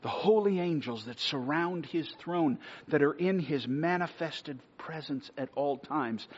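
A man preaching a sermon earnestly, sometimes dropping to a hush for emphasis, then closing in prayer. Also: a little high, expressive, a little slow, few pauses, slight background noise. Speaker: pastor. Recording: dull lo-fi sermon recording.

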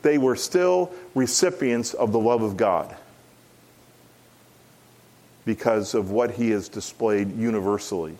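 A middle-aged man, a pastor, preaching an expository sermon in an earnest, emphatic way, repeating key phrases and rising in pitch when stressing a point. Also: a little slow, pauses often, a little mellow.

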